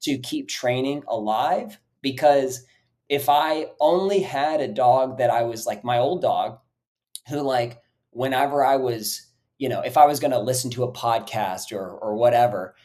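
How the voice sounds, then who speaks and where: The host of a casual dog-training podcast wanders through energetic stories at an unhurried pace, his medium-pitched voice full of "like" and the odd swear word.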